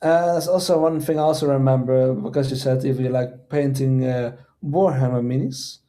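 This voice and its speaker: A man hosting a casual livestream chat, quaintly formal with frequent "indeed" and "I say," pausing often on fillers. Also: mid-range voice, warm tone. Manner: hesitant, many fillers. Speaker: streamer host.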